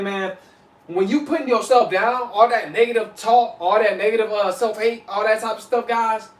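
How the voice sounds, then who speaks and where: High-voiced man preaching in an echoey room. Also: recorded from a distance. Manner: preachy, repeats "you know what I'm saying", addresses viewers as y'all. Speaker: vlogger. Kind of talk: casual motivational talk to camera.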